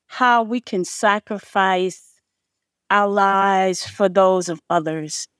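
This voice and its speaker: A woman's voice: mid-range voice, takes it slowly, fairly bright tone, clean tone, no echo, clean studio sound. A woman author being interviewed on a podcast, effusive and emotional as she speaks. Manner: effusive, tearful gratitude. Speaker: author guest.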